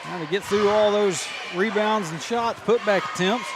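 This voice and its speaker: A man's voice: high voice, moderate pace. A man co-hosting a local basketball stream, chatting loosely with fillers between plays. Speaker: color commentator and stream host. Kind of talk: casual broadcast chat. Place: high school gym. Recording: gym noise clearly behind.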